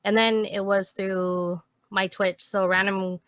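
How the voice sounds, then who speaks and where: Woman streamer, chatty and relaxed, dry close sound. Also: mid-range voice, slow, no room sound. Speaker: streamer guest. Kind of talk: casual chat.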